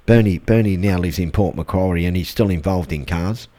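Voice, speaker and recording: A host with a very deep, mellow voice asks friendly, easygoing questions. He drops in short encouragements while his guest talks. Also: fairly quick. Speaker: interview host. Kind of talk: casual interview chat.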